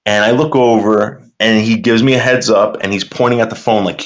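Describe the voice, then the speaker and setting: A man's voice: fairly low pitch, fairly even intonation, fairly quick. A man casually chatting and telling a rambling, profane story while reacting to viewer comments.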